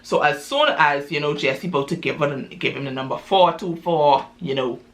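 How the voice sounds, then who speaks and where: A woman's voice: low-pitched, moderate pace. A woman casually telling a story in a chatty way, full of fillers and asides to listeners.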